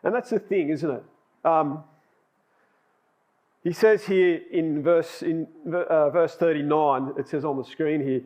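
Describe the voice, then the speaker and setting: A man's voice: a little high, takes it slowly, a little mellow, muffled recording. A man giving a sermon, telling personal stories in a chatty way and laughing at himself. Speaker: lay preacher.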